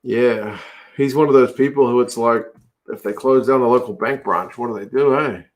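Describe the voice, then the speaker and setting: A man's voice: mid-range voice, normal speed. A man hosting a casual rugby watch-along, reacting aloud to the play and chatting with viewers.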